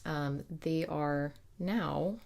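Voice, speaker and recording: A young woman with a notably low, deep-set voice talks through her knitting in a relaxed, chatty way. She digresses often and corrects herself mid-sentence, like a host chatting with her regular listeners. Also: extremely slow, gravelly. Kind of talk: casual chat.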